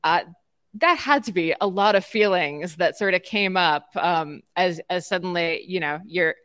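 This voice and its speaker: A woman's voice: fairly low pitch, normal speed, fairly bright tone, clear, resonant tone, no echo. A woman hosting an interview in casual chat, conversational and self-deprecating, with frequent "like" and "um". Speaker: host.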